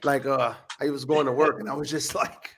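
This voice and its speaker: A man hosting a podcast in casual, profane chat, laughing a lot, his voice still getting over hoarseness. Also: mid-range voice, little pitch movement, fairly quick, crowd noise. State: voice recovering from hoarseness. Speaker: podcast host.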